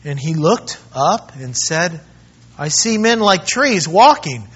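A man preaching a sermon as pastor, animated, acting out the voices of people in the story. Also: fairly high pitch, slow, husky, highs cut off. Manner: animated preaching, acts out the disciples. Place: church.

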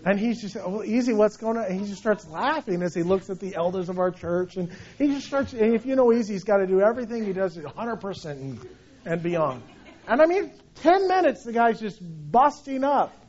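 A middle-aged man, a senior pastor, preaching a sermon in a conversational, animated storytelling way with frequent restarts. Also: high-pitched, a little fast. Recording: dull lo-fi sound.

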